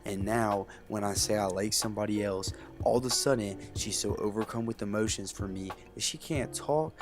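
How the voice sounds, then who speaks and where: A man's voice: lowish voice, normal speed. A young man swearing freely as he tells a heated story and comments on a game. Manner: profane, blunt and heated. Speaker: let's play host. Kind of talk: casual gameplay commentary and storytelling. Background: game music.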